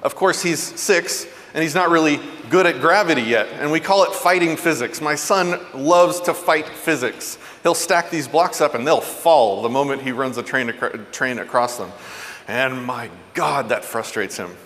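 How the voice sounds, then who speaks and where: Man, parenting talk, earnest storyteller, fairly high voice, long hall reverb. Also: normal speed. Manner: earnest, animated storyteller, drops soft and low for tender moments. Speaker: parenting speaker. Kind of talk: motivational talk.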